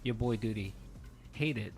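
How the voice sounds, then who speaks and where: A man's voice: fairly low pitch, unhurried, vocal fry, a little mellow, faint music behind. A man giving a sarcastic, mock-preachy recap as co-host.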